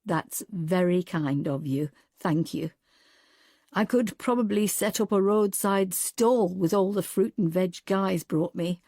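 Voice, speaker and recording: A kindly older man speaks in a low, unhurried and understated way, as a woman narrator reads him. The tone is mellow, and the sound is close and dry. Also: vocal fry, no room sound, exaggerated voice. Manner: gentle, polite and understated.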